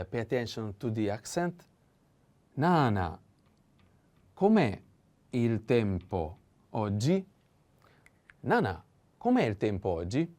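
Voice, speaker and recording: A man teaching a language lesson, explaining slowly with frequent fillers and pauses. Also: medium pitch, mellow.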